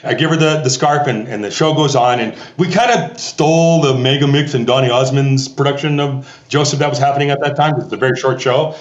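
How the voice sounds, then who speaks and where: A middle-aged Canadian man who directs a theatre festival tells stories in a podcast interview, animatedly acting out the voices of the people in them. His voice is on the high side, and the audio is dull, recorded in an echoey room.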